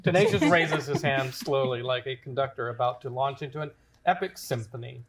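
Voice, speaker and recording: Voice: mid-range voice, a little fast, over a noisy crowd. A host narrating stage directions, then chatting easily with the cast.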